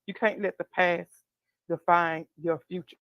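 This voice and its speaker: A woman guest sharing an emotional personal testimony, tearful and earnest, speaking slowly. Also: on the low side, steady tone, no room sound, highs cut off. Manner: tearful, heartfelt, slow and earnest.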